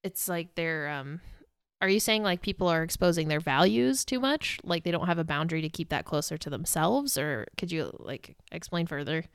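A woman's voice: low-pitched, expressive, normal speed, smooth, dry recording, studio quality. A woman co-hosting a casual discussion, asking follow-up questions and using "like" often. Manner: questioning, says "like" a lot.

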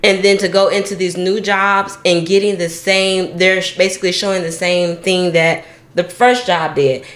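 Low-voiced woman venting on a podcast. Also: flat delivery, moderate pace, fairly bright tone, echoey room. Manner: earnest, agreeing, venting at length. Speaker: podcast co-host. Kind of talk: casual chat.

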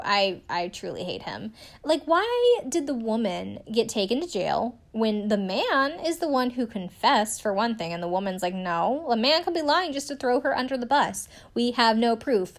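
A woman talks through a TV show recap in a loose, chatty way, full of fillers and asides. She gets openly indignant and swears freely. Her voice sits at an ordinary middle pitch. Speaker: recap commentator. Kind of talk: casual spoken recap of a TV show.

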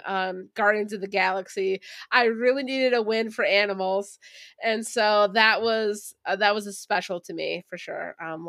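A young woman co-hosting a casual movie review podcast, chatty and animated, acting out quotes in character voices. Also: a little high, dry recording, clean studio sound. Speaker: podcast co-host.

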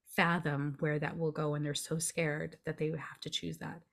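A woman with a notably low voice speaks as a podcast guest, explaining things in an earnest, reassuring way. She often checks in with her listener as she goes. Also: flat delivery, normal speed, creaky. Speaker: podcast guest, grief coach. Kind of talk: conversational explaining.

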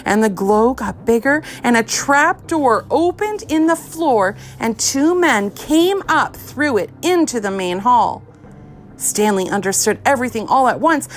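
A woman's voice: a little high, a little slow, a little hiss or hum. Woman reading a children's storybook. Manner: expressive, lively storytelling. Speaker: audiobook narrator.

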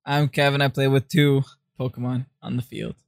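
A man's voice: medium pitch, little pitch movement, gravelly. A man co-hosting a casual podcast, who banters and teases in a laughing way. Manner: laughing, teasing, quick banter. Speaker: podcast co-host.

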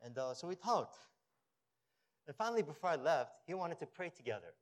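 This pastor's sermon moves a little fast and stays animated, surging to emphatic highs before falling to a low, storytelling tone.

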